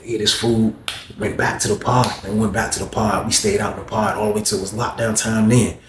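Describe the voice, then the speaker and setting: A man's voice: lowish voice, flat delivery, fairly quick, slight background noise. A man casually telling a long story, rambling and repeating phrases while addressing listeners as y'all. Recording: roomy echo.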